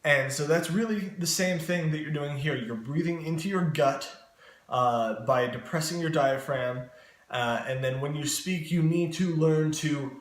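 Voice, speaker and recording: A man's voice: on the high side, unhurried, fairly bright tone. A man giving casual spoken voice lessons, explaining breathing earnestly with frequent fillers. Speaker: voice coach vlogger. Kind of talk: casual instructional talk. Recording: echoey room with faint ambience.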